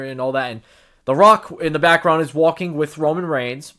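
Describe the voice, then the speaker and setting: A man's voice: fairly high pitch, moderate pace, sharp tone. Rambling man recapping wrestling news. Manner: rambling, many restarts, swears casually. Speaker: podcast host. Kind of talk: casual solo commentary.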